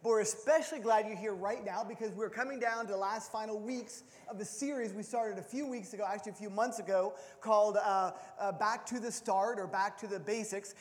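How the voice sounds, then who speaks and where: A man preaching a sermon as pastor of a church, playful and animated, often repeating words as he restarts a thought. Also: high-pitched, fairly quick, few pauses. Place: church sanctuary. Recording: long hall reverb.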